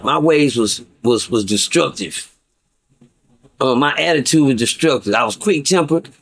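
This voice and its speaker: A man's voice: medium pitch, measured pace. A middle-aged man telling a story to viewers in a casual, profane way, stammering and repeating himself as he goes. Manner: profane, repetitive, stammering restarts. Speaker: guest storyteller.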